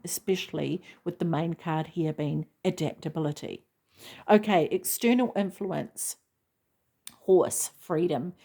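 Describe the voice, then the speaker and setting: A woman's voice: on the low side, dark tone. A woman giving a casual tarot reading, reading card meanings aloud and breaking in with enthusiastic comments. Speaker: tarot reader.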